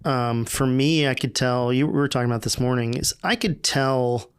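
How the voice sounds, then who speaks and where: Man, mid pitch, smooth resonant tone; easygoing, stop-start conversational delivery. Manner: relaxed, halting with fillers and restarts. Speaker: podcast guest. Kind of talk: casual conversation.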